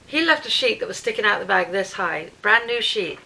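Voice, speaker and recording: Speaking fairly quickly in a creaky, medium-pitched voice, a British vlogger tells the story of her day, playing out everyone's lines in a lively, casual rant. She records it at home on her camera, and the sound quality is low.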